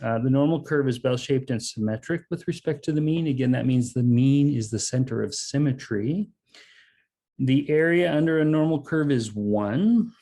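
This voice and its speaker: Casual, mellow-voiced male math instructor. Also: mid-range voice, normal speed. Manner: casual, explains step by step with frequent "okay" and "um". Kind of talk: online lecture.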